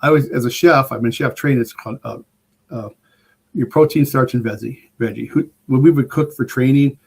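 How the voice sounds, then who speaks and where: Older man, podcast guest, rambling enthusiastic storyteller, casual, average pitch. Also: normal speed, vocal fry, breathy edge. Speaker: guest preparedness expert.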